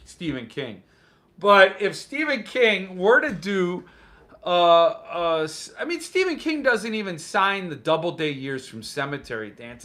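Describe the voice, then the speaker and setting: A man's voice: sits high, bright, forceful tone. A man hosting a casual live stream about book collecting, reading viewer comments and joking around in a playful way. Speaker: host of a book collecting show.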